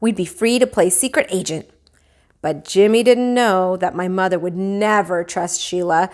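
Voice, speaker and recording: A woman teacher reading a children's book aloud, with expressive, animated storytelling. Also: fairly low pitch, normal speed.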